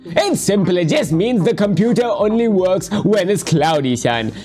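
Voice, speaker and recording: A player voicing a weary radish father who answers his son with dry, deadpan comebacks, in a game voice-over. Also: medium pitch, moderate pace, soft background music, lightly acted.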